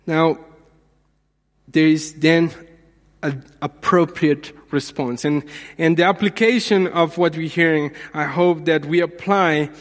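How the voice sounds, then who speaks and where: A man preaching a sermon in a measured way, repeating phrases for emphasis. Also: fairly high pitch, steady tone, big-room sound. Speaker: pastor.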